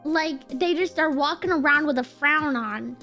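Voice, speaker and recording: A young woman with a high, bright voice chats casually on a stream, giggling and talkative. She rambles through stories and teases her friend, and faint music runs under her. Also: normal speed. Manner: chatty, giggly, mimicking. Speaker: streamer guest.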